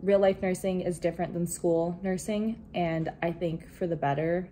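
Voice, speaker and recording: A young woman and new nursing graduate talking to her viewers in a casual vlog, chatty and excited, with many fillers and some nervous laughter. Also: lowish voice, moderate pace, slight background noise. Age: young adult.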